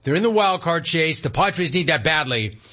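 A man's voice: on the high side, expressive, moderate pace, sharp tone, muffled recording. A man hosting a sports talk radio show, telling a baseball story with laughter and mock outrage.

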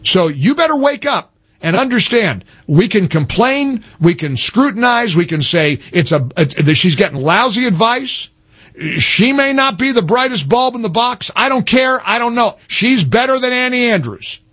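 A man's voice: very high-pitched, animated, moderate pace, pushed and bright. A man hosting a talk radio show, ranting emphatically in a fired-up, repetitive way.

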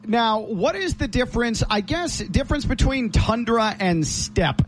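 A man co-hosting a casual podcast, agreeable and easygoing as he chats. His speaking voice sits noticeably high. He explains things plainly and often agrees with his partner. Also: animated, a little slow, noisy background. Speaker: sports broadcaster and podcast co-host. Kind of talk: casual chat.

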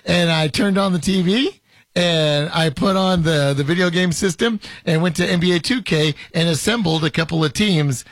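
A man's voice: on the high side, normal speed, a bit bright, dry recording. A middle-aged man co-hosting a casual sports podcast, rambling and self-interrupting as he talks, laughing often. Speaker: podcast co-host.

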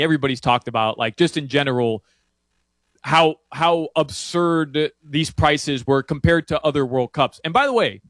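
Animated rambling man, higher voice, dry sound. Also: no echo. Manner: rambling, frequent restarts and fillers, animated. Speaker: soccer betting guest analyst. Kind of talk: casual sports talk. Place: Miami area.

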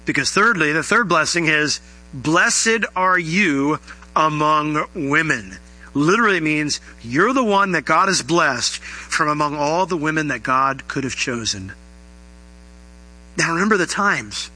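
A man's voice: measured pace, poor audio. A male pastor delivering a sermon, teaching verse by verse and asking the congregation questions. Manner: animated preaching, rising pitch on questions.

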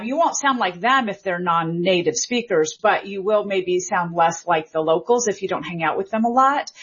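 Husky-voiced Gen X woman linguist. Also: medium pitch, highs cut off. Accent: light Southern American. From Memphis, Tennessee. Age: Generation X. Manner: chatty, animated, many fillers and restarts. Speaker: linguist guest. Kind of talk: interview answers.

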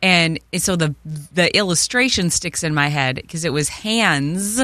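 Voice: medium pitch, animated, a little slow, bright, forceful tone, dry recording. A morning radio co-host bantering casually with playful quips.

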